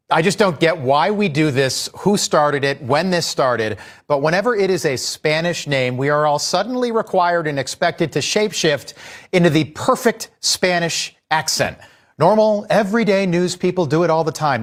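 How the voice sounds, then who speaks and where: A man giving an exasperated, emphatic opinion monologue as a TV news host. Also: a little high.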